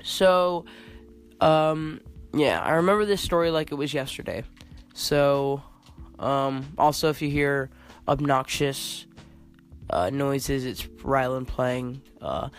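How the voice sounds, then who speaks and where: A man's voice: a little high, a bit bright, smooth. A man hosting a casual video, telling childhood stories in a rambling, giggly way with lots of fillers. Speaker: host. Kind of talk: casual storytelling.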